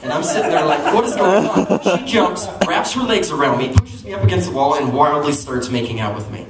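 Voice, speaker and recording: A man's voice: a little high, expressive, a little fast, a loud crowd. A young man doing a stand-up comedy routine, telling a self-deprecating dating story and acting out quotes with playful jumps in his voice. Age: young adult. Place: small venue with audience. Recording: echoey room, distant mic, audience noise.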